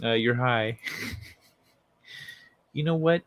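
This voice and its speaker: A man's voice: medium pitch, slow, no room sound, narrow, tinny audio. Laid-back man chatting with his viewers. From Central America. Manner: laid-back, chuckles often, swears casually. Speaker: livestream host. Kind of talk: casual chat with viewers.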